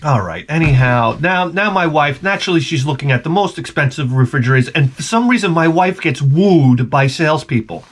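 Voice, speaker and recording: Animated man ranting. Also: fairly high pitch, a little fast, hardly any pauses, noisy background. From Long Island, New York. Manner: animated, profane, exasperated. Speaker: vlogger. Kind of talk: casual storytelling rant.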